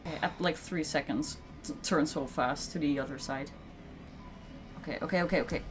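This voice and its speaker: A woman co-playing a game, giggly, quick to give directions and exclaim. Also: deep voice, music in the background. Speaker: co-player and guest. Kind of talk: casual gameplay commentary.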